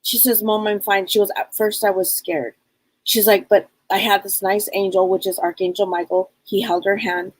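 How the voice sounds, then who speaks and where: A woman psychic medium on a live show, passing on messages in a halting, repetitive way and speaking them in the first person. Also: mid-range voice, little pitch movement, husky, no echo, rough recording.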